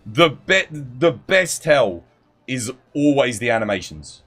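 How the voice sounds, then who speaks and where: A man's voice: medium pitch, animated, takes it slowly, fairly bright tone, slightly rough. Chatty man streaming a game. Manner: chatty, greets viewers by name, explains game mechanics. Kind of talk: casual live-stream chat and gameplay tips.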